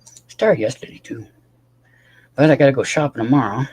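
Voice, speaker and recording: A man's voice: medium pitch, fairly quick, darkish tone, slightly rough. A tired man rambling casually to his livestream chat, swearing often and talking to viewers by name.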